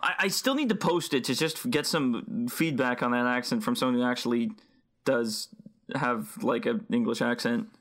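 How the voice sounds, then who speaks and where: A man's voice: medium pitch, normal speed, a bit bright. A man co-hosting a podcast, rambling curiously and swearing casually in loose chat.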